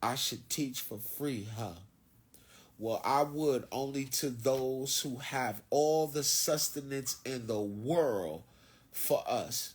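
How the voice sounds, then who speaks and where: Husky-voiced man ranting on a livestream. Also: medium pitch, takes it slowly. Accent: Philadelphia. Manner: loose, swaggering, profane and preachy. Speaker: livestream host. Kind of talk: casual livestream monologue. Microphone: phone.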